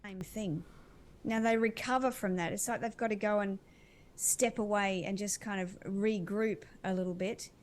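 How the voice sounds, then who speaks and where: A woman's voice: mid-range voice, steady tone, normal speed. A woman acting as an animal communicator, describing intuitive visions in an earnest, dreamy, winding way.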